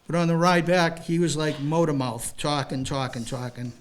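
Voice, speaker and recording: An older man with a somewhat high voice tells a crime story to a library audience. He is a retired detective who is plain-spoken and moves between stiff report phrasing and loose, chatty asides. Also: moderate pace. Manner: plain-spoken, mixes formal report wording with casual asides. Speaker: retired police detective speaking at a library talk. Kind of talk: storytelling, reading from a case report.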